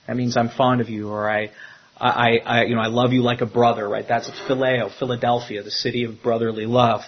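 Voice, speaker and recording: A man, a pastor, preaching a sermon in an animated way and acting out the quotes he tells. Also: mid-range voice, brisk, highs cut off, a little hiss or hum.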